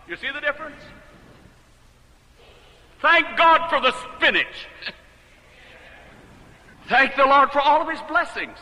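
Bright-voiced man preaching in a hall. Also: extremely high pitch, animated, measured pace, pauses often. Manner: storytelling, swings from loud exclamations to hushed confiding. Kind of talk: sermon.

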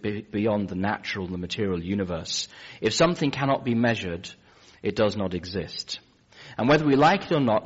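A man's voice: mid-range voice, slightly rough, muffled recording. A middle-aged man with an English accent, preaching a sermon and telling a personal story in a wry, conversational way with frequent restarts. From England.

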